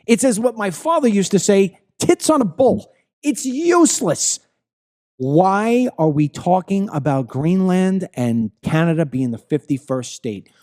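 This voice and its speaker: A man's voice: sits high, big pitch swings, unhurried, darkish tone. A man hosting a political commentary show, ranting heatedly with frequent profanity and stammering when worked up. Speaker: host.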